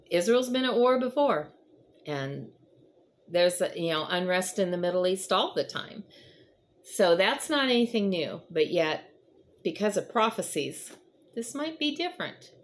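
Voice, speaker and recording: A woman gives a casual devotional talk, earnest and encouraging, rambling a little and using frequent fillers. Her voice is fairly low, with slight background noise.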